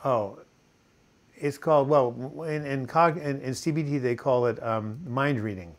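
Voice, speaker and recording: An older man talks at a webcam from his home, hosting a live stream about mental health. He rambles in a relaxed way and reads out viewer questions. His speech is full of fillers and restarts. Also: medium pitch, unhurried. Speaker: host of a live video chat on mental health. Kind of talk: casual live-stream chat reading viewer comments. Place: home in Portland, US.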